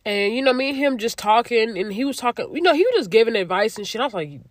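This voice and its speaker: A young adult podcast host in their twenties telling a story in a casual, profane and animated way. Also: medium pitch, fast talker, dry recording, clean studio sound. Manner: chatty, profane, animated retelling.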